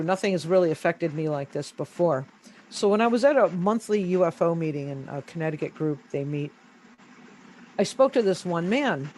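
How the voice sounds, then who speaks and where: A woman's voice: on the low side, darkish tone, a little hiss or hum, rough recording. Hesitant woman telling her story on a video call. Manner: hesitant, halting, repeats words when searching. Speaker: interview guest. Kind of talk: casual first-person storytelling.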